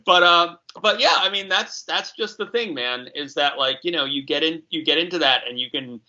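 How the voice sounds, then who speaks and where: A talkative, animated man from New York in a casual podcast conversation. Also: on the high side, moderate pace, dull audio. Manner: animated, talkative, chuckles often.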